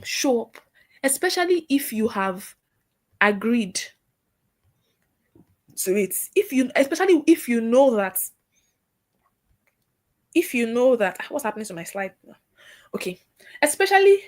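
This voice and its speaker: A woman giving a workshop lecture to trainees in a lively, scolding way. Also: a little high. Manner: lively, scolding, acts out caller voices.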